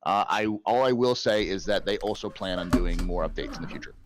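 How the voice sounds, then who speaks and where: A man speaking as a guest in a casual gaming podcast chat, halting and restarting his words as he talks. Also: low-pitched, noisy background. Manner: halting and hesitant, with repeated restarts.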